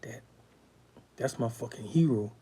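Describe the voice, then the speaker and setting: A man's voice: mid-range voice, a little slow, mellow, slightly rough. A man telling his own life story with raw emotion, blunt and profane as he talks. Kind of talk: candid storytelling.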